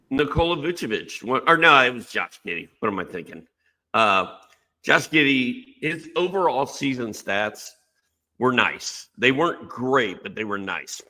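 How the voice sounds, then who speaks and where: A man co-hosting a fantasy basketball podcast from a home office, relaxed and easygoing, telling stories. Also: medium pitch. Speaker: co-host, fantasy basketball analyst. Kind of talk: casual sports podcast chat.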